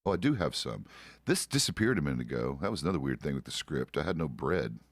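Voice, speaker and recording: Deep-voiced, laid-back American man. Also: sing-song, fast, no echo, studio quality. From United States. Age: middle-aged. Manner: profane, laid-back, chuckles often. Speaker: roleplay streamer. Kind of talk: casual chat while roleplaying a game.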